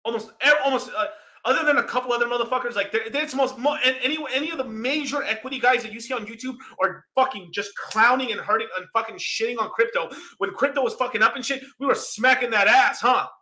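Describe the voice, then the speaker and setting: A young man hosting a crypto channel, ranting heatedly and swearing constantly, often breaking into shouts. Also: very high voice, quick pace. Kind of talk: profane ranting monologue.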